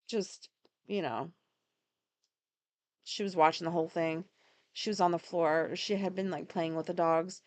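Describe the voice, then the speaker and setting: A woman's voice: fairly low pitch, no room sound. A woman hosting a podcast, talking through her day in a rambling, casual monologue full of fillers and swearing. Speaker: podcast host.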